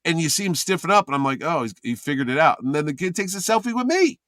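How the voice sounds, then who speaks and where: A man telling a lively convention story in casual chat, acting out what others said. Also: fairly high pitch, fast, dry recording, clean studio sound. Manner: animated anecdote teller, acts out quoted voices.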